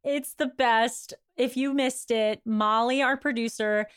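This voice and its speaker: A chatty woman co-host with a fairly high voice reacts quickly and reads the ads in easy podcast talk. Her voice is dry and close to the mic. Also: fairly even intonation, clear, resonant tone, dry recording. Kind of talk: casual podcast chat and ad read.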